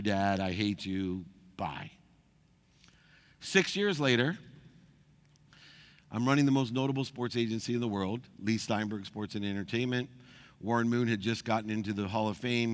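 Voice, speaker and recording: A middle-aged man with a fairly low voice tells a personal story as the host of his own show. He is animated and acts out the people he quotes.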